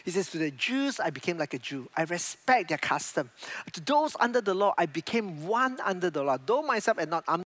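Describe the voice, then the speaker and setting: A man with a high voice delivers a sermon as a pastor. His preaching is animated, and his English has non-native grammar. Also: brisk.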